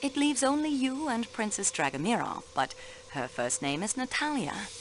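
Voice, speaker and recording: An actress playing a sharp young female railway clerk questioning suspects in a video game, precise and polite. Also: on the high side, lively intonation, normal speed, a little hiss or hum, lightly acted. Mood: pressing.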